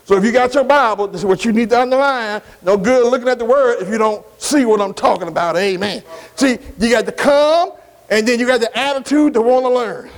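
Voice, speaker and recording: A man preaching a sermon, slow and emphatic, repeating key words, asking his congregation questions and punctuating lines with amens. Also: very high-pitched, rough recording.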